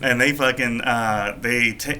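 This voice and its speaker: Bright-voiced man telling a profane story. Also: mid-range voice, unhurried, slight background noise. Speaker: podcast co-host. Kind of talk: casual storytelling chat.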